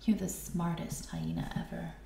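A woman voicing a loving, excitable mother hyena in a storybook read-aloud, doting and full of exclamations. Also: lowish voice, moderate pace, vocal fry, echoey room, a little hiss or hum, heavily acted. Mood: amazed.

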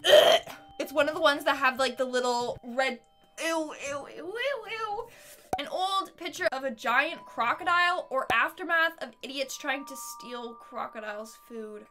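A woman reacting in a casual vlog, expressive and giggly, squealing at what she sees, talking in her studio. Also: high voice, moderate pace, noisy background. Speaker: YouTuber.

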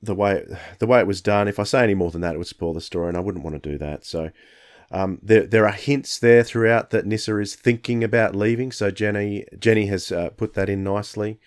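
A man's voice: fairly low pitch, a little fast. A man co-hosting a podcast, reviewing a story in hesitant casual chat. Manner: hesitant, many ums and uhs. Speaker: podcast co-host.

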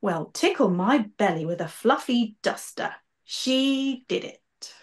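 A woman voicing an excitable, jolly king in a storybook reading. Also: a little high, takes it slowly. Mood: excited.

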